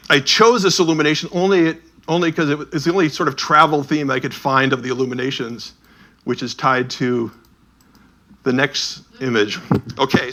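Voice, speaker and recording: Speaking with a fairly high pitch and a sharp tone, a man shows images from an illuminated Bible and tells stories about them in a slide-based talk.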